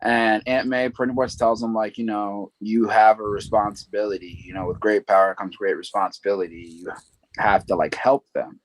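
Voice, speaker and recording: This podcast co-host speaks in a lowish register with fairly even intonation and normal speed. The recording is low in quality but lacks room sound, and he casually retells a story, wandering off on asides and leaning on fillers.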